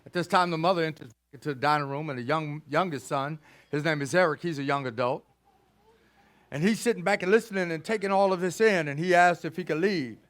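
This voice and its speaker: High-voiced preacher retelling a story. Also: male voice, fairly quick, a bit bright. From Texas. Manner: retells a story, acting out each character's lines. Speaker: pastor. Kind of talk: sermon storytelling.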